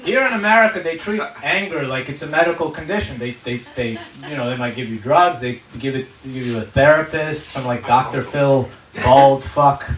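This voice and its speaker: A brash man in his thirties on a comedy stage, telling profane stories at a punchy beat, with his voice at a middle pitch. The recording is roomy, with noticeable echo. He sounds a little far from the mic, with steady background noise behind him. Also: moderate pace. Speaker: stand-up comedian. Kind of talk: stand-up comedy set. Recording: echoey room, mic from a distance, background noise.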